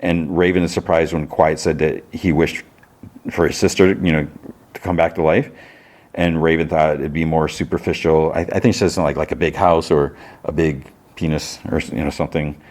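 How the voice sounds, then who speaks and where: A man's voice: very deep voice, fairly even intonation, a little fast, a little mellow. A man hosting a podcast, chatting casually as he retells a TV episode in a loose, rambling way. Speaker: podcast host.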